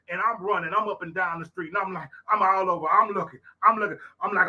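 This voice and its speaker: Husky, bright-voiced Louisiana country man. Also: sits high, a little fast, rough recording. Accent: Southern US, Louisiana. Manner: folksy, emphatic, repeats phrases. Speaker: host. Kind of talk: casual storytelling monologue.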